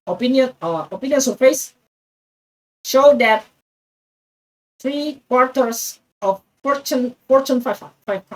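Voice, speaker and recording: A woman with an Indonesian accent and a high-sitting voice reads an English text aloud for practice. She's halting, stumbling on words and restarting often, and the rough recording has her sounding far from the mic.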